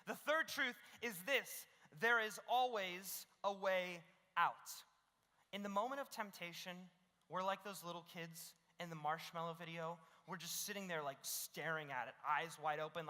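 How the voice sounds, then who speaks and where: A man preaching a youth sermon as the youth pastor. He is animated and joking, acts out little scenes and keeps adding "okay?". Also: high-pitched, in a large hall.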